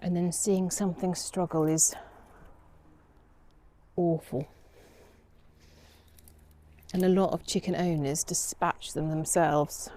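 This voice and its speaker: A woman's voice: on the low side, steady tone, slow, pauses often, mellow. Chatty woman garden vlogger. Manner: chatty, rambling with fillers. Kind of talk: casual vlog narration.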